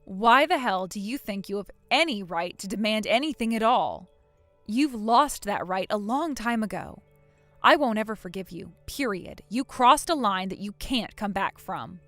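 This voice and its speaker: A woman's voice: mid-range voice, expressive, normal speed, a bit bright, dry recording, soft background music, close to an everyday voice. A woman voicing a cold, furious young wife who scolds her sister-in-law without mercy. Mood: stern. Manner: stern, scolding, unforgiving.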